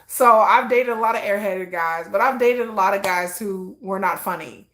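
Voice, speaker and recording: A middle-aged woman hosts a livestream, chatting casually in a rambling, self-mocking way and acting out both sides of conversations she remembers. Her voice is medium in pitch, a bit bright, and moderately paced.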